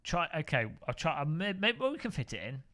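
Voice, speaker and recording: A man's voice: on the high side, big pitch swings, fast talker, bright, forceful tone. A man from England, chatting casually on a sim racing live stream, rambling and joking as he corrects himself.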